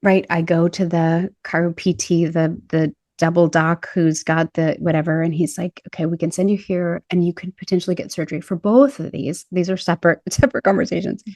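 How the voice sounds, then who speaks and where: A woman's voice: fairly low pitch, fairly even intonation, a little fast, hardly any pauses, darkish tone, dry recording. A woman in a casual podcast conversation who talks animatedly, laughs often and acts out what people said. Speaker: podcast host and body image coach.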